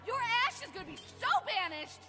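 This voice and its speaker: A woman's voice: extremely high pitch, big pitch swings, brisk, sharp tone, exaggerated voice. A woman voicing a bored, flippant young princess in an abridged parody cartoon, talking in casual slang, with reverb and background music. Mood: defiant.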